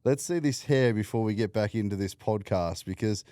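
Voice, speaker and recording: A man's voice: fairly low pitch, moderate pace, dark tone, no echo, studio quality. A man hosting a casual podcast interview, blunt, swearing freely and laughing a lot. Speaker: podcast host.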